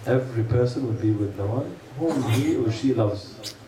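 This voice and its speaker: In an echoey room with a distant mic and a faint hum, a preacher delivers an earnest sermon to his congregation, posing rhetorical questions and telling stories. His mid-range voice is animated and moves at a moderate pace.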